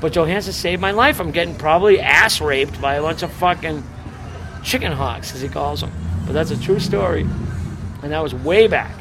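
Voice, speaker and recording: A man's voice: fairly high pitch, moderate pace. A middle-aged man from the Boston area, a punk singer telling swaggering, profane stories in a casual street interview outside a bar. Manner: profane, rambling, swaggering storyteller. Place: outdoors in front of a bar on a city street. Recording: street traffic noise outdoors. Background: passing cars and city traffic.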